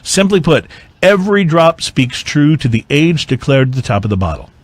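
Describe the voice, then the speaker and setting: Male host, casual tasting chat, lively up-and-down delivery, rambling with fillers. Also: fairly high pitch, moderate pace, dry recording. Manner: animated, meandering with many fillers. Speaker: podcast host.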